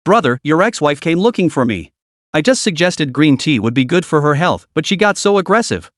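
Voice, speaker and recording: A man's voice: a little high, big pitch swings, brisk, no room sound, clean studio sound. A man voicing a sugary fake-innocent young woman. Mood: sugary, whiny. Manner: coquettish, whiny, sugary.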